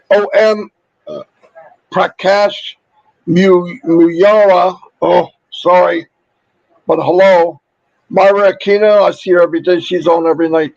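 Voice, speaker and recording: A man with a fairly high voice hosts a casual livestream, upbeat and chatty as he rattles through shout-outs. His voice is wearing thin from overuse. The sound is dry and a little muffled, with no room echo. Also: creaky. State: losing his voice. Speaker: livestream host.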